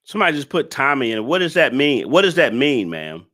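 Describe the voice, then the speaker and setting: A man's voice: mid-range voice, big pitch swings, fairly quick, fairly bright tone. A man hosting a live stream, reacting to a clip and scolding his chat commenters in an exasperated way.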